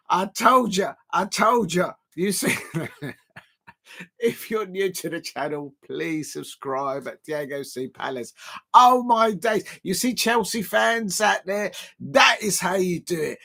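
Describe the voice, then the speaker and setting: A man hosting a live football watch-along, chatting to viewers and shouting excitedly when goals go in. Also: high voice, unhurried.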